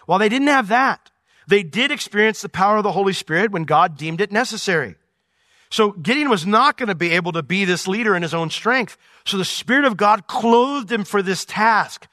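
Male pastor, high bright voice, lively verse-by-verse teaching, dry close sound. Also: no room sound. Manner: animated, swings between loud emphasis and quiet asides.

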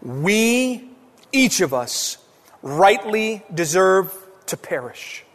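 A high-voiced man preaches at an unhurried pace, his words ringing with long reverb. His sermon swings between emphatic raised lines and hushed, quiet drops. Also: sing-song. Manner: impassioned preaching with sweeping rises and hushed drops. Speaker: pastor.

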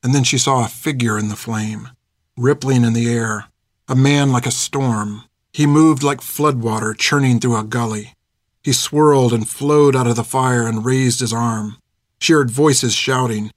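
A man narrates a novel chapter in a steady, measured way, his voice sitting at an ordinary middle pitch. He is recorded close to the mic, and the sound is dry and free of room echo. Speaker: audiobook narrator. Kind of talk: scripted narration.

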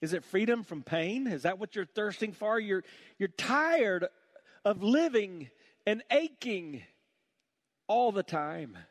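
Impassioned preacher, man, higher voice. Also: big pitch swings, slow pace. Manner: impassioned, drops to a hush on heavy points. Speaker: pastor. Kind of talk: sermon.

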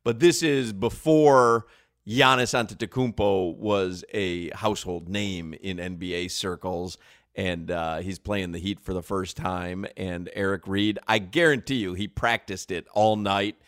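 A man hosting a casual sports talk show, playful and quick to laugh, repeating names for fun. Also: low voice, fairly bright tone. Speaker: sports radio host.

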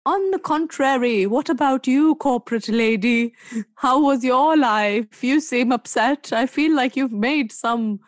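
Playful high-voiced woman co-host. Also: measured pace, dry recording. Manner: playful, theatrical, jokey rhyming. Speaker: podcast co-host. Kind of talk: casual chat.

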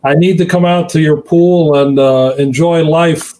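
A man's voice: fairly high pitch, steady tone, measured pace, warm tone, rough recording. Affectionate man hosting a show. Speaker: radio show host. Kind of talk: casual chat.

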